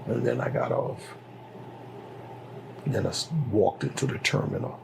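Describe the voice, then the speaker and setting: Gravelly Liberian man telling a story. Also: mid-range voice, moderate pace, slight background noise, poor audio. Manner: animated retelling, acting out dialogue. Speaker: interview guest. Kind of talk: personal storytelling.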